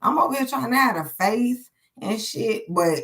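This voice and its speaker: A woman's voice: a little high, animated, moderate pace, fairly bright tone. A woman giving a casual live tarot reading, talking frankly and rambling, cursing freely, with short laughs between thoughts. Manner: profane, candid and rambling, thinking aloud. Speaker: tarot card reader.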